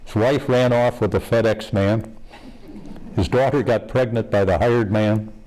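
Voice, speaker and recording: A man's voice: on the low side, fairly even intonation, unhurried, darkish tone, rough recording. An older man telling jokes in an interview, folksy and laughing at his own punchlines.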